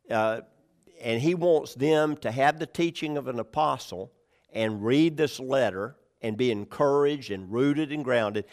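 A man's voice: mid-range voice, a little mellow. A man preaching a conversational verse-by-verse sermon, asking his listeners questions and adding folksy jokes. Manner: conversational, checks in with the congregation, asks questions; folksy humor. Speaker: pastor. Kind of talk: sermon, verse-by-verse Bible teaching.

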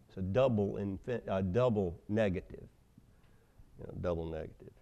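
A man preaching a sermon, telling stories with loud emphasis and hushed asides. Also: on the low side, lively intonation, moderate pace. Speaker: pastor.

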